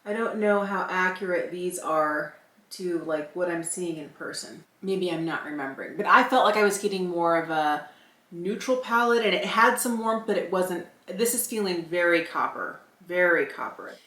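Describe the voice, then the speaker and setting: A beauty vlogger in her fifties reviews makeup products casually, thinking aloud with candor as she puts on each one. Her voice sits on the low side, with a sharp tone and moderate pace, and the recording has a roomy echo.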